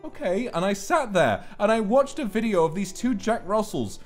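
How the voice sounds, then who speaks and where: A man chatting with guests on a stream, telling stories in an animated, tangent-prone way. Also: sits high, moderate pace, faint music behind. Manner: animated storyteller, jumps between voices and big tangents. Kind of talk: casual chat.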